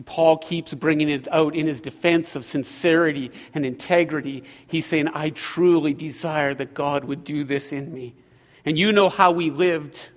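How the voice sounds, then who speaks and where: A middle-aged male pastor preaching a sermon, swinging from loud emphatic lines to hushed ones. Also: fairly high pitch. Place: church sanctuary. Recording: long hall reverb.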